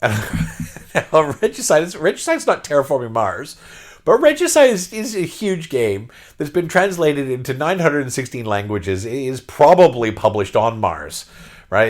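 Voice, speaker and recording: A middle-aged man hosting a podcast, telling a story in a casual, excitable way that often repeats words and restarts. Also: mid-range voice, normal speed. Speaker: podcast host.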